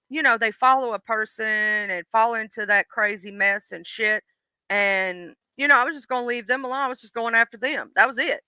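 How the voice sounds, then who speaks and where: A woman's voice: a little high, bright, forceful tone, clean tone, no room sound, low-quality recording. A woman with a Southern US accent hosting a casual livestream, talking bluntly and with plenty of swearing to her chat. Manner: blunt, profane, talks straight to chat. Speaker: livestream host.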